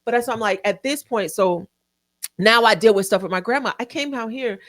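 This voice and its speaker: A woman with a fairly high voice speaks in an emotional, casual panel discussion. She is insistent and emphatic, pushing her point, her voice near tears. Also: a little fast, fairly bright tone.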